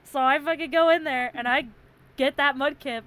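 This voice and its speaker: A woman's voice: high-pitched, steady tone, normal speed, a bit bright. A young woman chatting casually on a stream, telling funny stories with lots of laughter and swearing. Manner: giggly, swearing storyteller. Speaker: streamer co-host. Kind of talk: casual chat.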